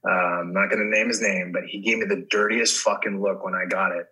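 A man's voice: low-pitched, steady tone, a little fast, pushed and bright, poor audio. A middle-aged man, a guest actor in casual chat, telling profane stories and acting out the people he quotes. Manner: swearing storyteller who acts out quoted people.

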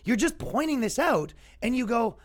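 Brief: man, comedy podcast host, high voice, sarcastic rant, acts out both sides. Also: very animated, moderate pace. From Canada. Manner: sarcastic, mocking, acts out imagined dialogue.

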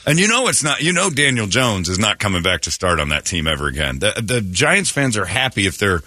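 A man hosts a morning radio show in loud, jokey banter, often slipping into mock tough-guy voices. His pitch swings widely and his tone is bright and forward. The studio sound is dry and close. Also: sing-song, brisk, dry recording.

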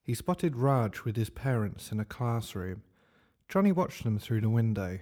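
Mellow, deadpan male narrator. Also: lowish voice, measured pace. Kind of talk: comic story narration.

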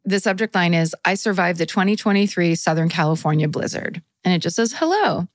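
A woman's voice: lowish voice, lively intonation, brisk, no echo. A woman co-hosting a podcast, casually reading a listener's story aloud in an earnest way. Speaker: podcast co-host.

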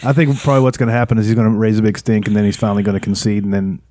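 A man's voice: lowish voice, little pitch movement, very fast, mellow, no echo. A man co-hosting a casual podcast, profane and teasing in crude banter with friends. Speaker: podcast co-host.

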